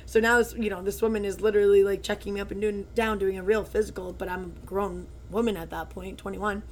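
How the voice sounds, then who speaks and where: A woman's voice: mid-range voice, fairly even intonation, fast talker, slight background noise. A woman in her twenties chatting casually as a podcast co-host, telling stories with lots of "like" fillers. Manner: chatty storytelling, full of "like" fillers. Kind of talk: casual chat.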